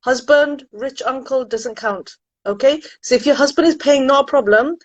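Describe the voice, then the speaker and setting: A woman's voice: high voice, moderate pace, no room sound, dull audio. A woman who works as a university admissions consultant, chatting animatedly with viewers on a live stream from home. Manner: chatty and animated, frequent exclamations.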